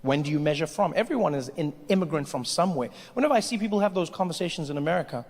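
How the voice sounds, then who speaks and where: A man performing a stand-up comedy routine on stage, an animated storyteller who leaps into character voices. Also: fairly high pitch, racing. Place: comedy stage before a live audience. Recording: echoey venue with faint noise.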